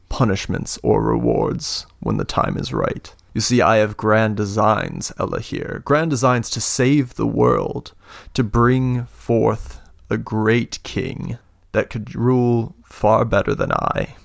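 A man voicing a big, scheming older lord with one good eye who speaks in slow, grandiose speeches and laughs deep and booming. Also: lively intonation, vocal fry, no echo, studio quality, exaggerated voice. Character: imposing older male lord, scheming, one-eyed mentor. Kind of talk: tabletop role-play narration.

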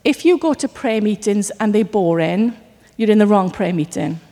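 A woman from Wales preaching a sermon, telling stories with lively acted asides. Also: mid-range voice, normal speed, long reverb tail. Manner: animated storytelling with acted asides.

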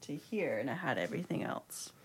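Woman, lowish voice, very animated, giggly, casual chat. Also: brisk, background noise. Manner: giggly, laughs often while talking.

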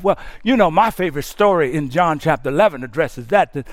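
A man's voice: high voice, fast talker, few pauses, no room sound, clean studio sound. Man preaching with rising passion. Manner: impassioned preaching, swings from hushed to shouting; repeats words when building up. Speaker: pastor. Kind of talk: sermon.

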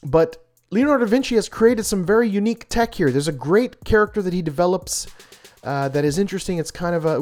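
Excitable man gushing over comics. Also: on the high side. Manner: animated, gushing, with many restarts and laughs. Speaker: comic book reviewer. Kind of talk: enthusiastic casual review.

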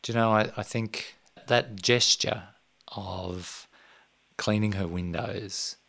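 A man interviewing a guest on radio, asking gentle, probing questions. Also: on the low side, steady tone, slow pace, gravelly.

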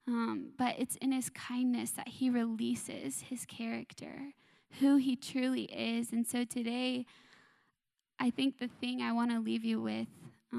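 A woman of twenty-four sharing a church testimony, earnest and tender, with soft pauses. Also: on the high side, gravelly. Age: 20s.

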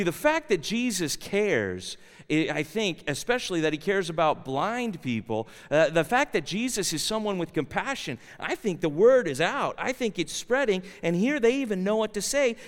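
A man's voice: high-pitched, very animated, moderate pace. A man preaching a sermon in a university chapel, earnest and asking the listeners direct questions. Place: large chapel. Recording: long hall reverb in a chapel.

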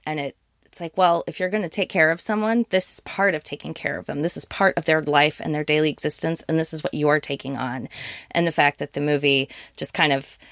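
A woman's voice: low-pitched, a little fast, dry recording, studio quality. A woman co-hosting a casual film review chat, talking bluntly with exasperated asides.

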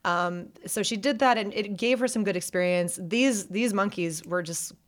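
A woman's voice: mid-range voice, moderate pace. A woman casually telling a story in conversation, acting out people's lines as she goes. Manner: animated storytelling, acts out voices in quotes. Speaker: podcast co-host telling a story. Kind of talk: casual chat.

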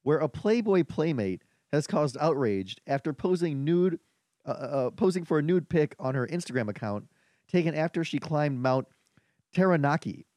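A man with a fairly high voice reads out the news in a comedy podcast, dropping wry, deadpan asides. The sound is dry and close, with no room around it. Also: normal speed, no room sound. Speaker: podcast co-host. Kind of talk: casual comedic podcast chat.

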